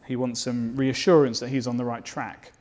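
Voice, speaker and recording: Male preacher, mid-pitched, earnest sermon delivery that builds to fervent declarations. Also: level tone, moderate pace, a little mellow. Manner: rhetorical questions to the listeners.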